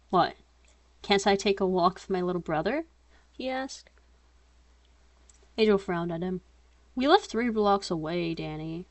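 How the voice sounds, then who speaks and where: A woman's voice: lowish voice, darkish tone, dry recording. A young woman reading her own story aloud in an unedited, casual way, voicing narration and dialogue in her own voice and breaking off to comment on her slips.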